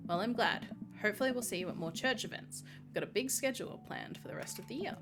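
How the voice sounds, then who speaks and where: A woman's voice: on the high side, quick pace, music in the background, natural voice. A woman voicing a friendly, eager churchgoing man, polite and a bit too keen.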